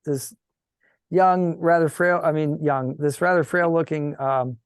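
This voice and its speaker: A man's voice: a little high, fairly even intonation, unhurried, clear, resonant tone, no echo. A man narrating as game master of a tabletop game over a video call, rambling and correcting himself.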